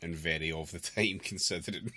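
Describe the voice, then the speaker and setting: A man's voice: deep voice, fairly quick, bright, forceful tone. A man on a podcast, ranting sarcastically and swearing in casual chat. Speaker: podcast co-host.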